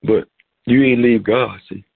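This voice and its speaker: A middle-aged man preaching a sermon over a phone call, animated and repeating words as he goes. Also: mid-range voice, unhurried, gravelly, breathy edge. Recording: tinny phone-line sound.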